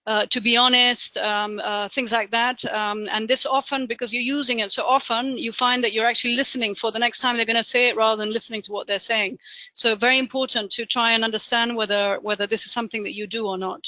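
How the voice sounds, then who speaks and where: A man giving a career training webinar, talking fast with lots of ums and uhs. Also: very high voice, flat delivery, bright, forceful tone, no room sound, muffled recording. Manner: talks fast with many fillers. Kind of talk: webinar presentation.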